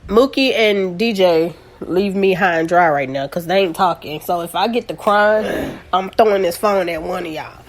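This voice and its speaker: A woman's voice: on the low side, normal speed. A woman hosting a casual podcast who rambles and corrects herself, joking while holding back tears. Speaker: podcast host.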